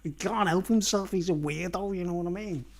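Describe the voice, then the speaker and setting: A man's voice: high voice, brisk, creaky, darkish tone. A man rambling through a casual vlog monologue in a slightly raised voice. He chuckles at his own jokes and keeps checking in with "you know what I mean", so the talk runs on loosely. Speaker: vlogger.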